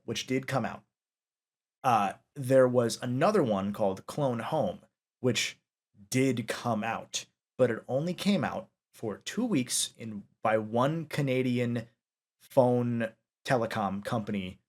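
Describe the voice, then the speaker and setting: Eager male podcast interviewer. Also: mid-range voice. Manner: eager, detailed questioner, brief affirmations. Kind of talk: casual interview chat.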